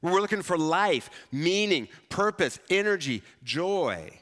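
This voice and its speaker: A man preaching a sermon as pastor, talking in a conversational, animated and self-mocking way. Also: high-pitched, measured pace. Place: church sanctuary. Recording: church hall reverb.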